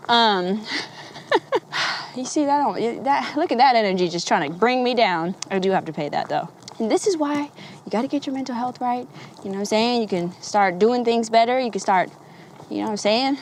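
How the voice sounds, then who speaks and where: Woman vlogger, kinda high voice, rambly, laughs a lot, curses freely. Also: lively intonation, moderate pace, a little hiss or hum. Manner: rambling, candid, swears freely, laughs often. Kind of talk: candid casual talk to camera.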